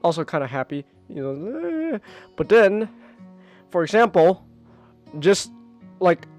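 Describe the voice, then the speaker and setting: High-voiced excitable male streamer. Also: slow pace, soft background music. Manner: animated, swears a lot, bursts into high whoops. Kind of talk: casual live-stream chat.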